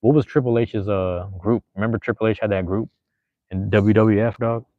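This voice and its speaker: A man hosting a podcast speaks at a moderate pace in a lowish, steady voice, reading the live chat in a laid-back, slangy, rambling way with frequent fillers. The audio has no echo and sounds narrow and tinny.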